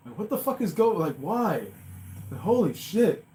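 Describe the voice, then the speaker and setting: Loud, foul-mouthed man with swinging energy. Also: high voice, big pitch swings, moderate pace, rough recording. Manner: swears constantly, laughs, jumps from mumbling to loud outbursts. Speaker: host reacting to reddit stories. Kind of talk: casual profane reaction monologue.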